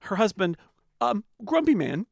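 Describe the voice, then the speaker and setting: A man's voice: high-pitched, sing-song, measured pace, creaky, no room sound, clean studio sound. A middle-aged man from the United States, co-hosting a podcast in casual chat, telling stories with many restarts and fillers. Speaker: podcast co-host.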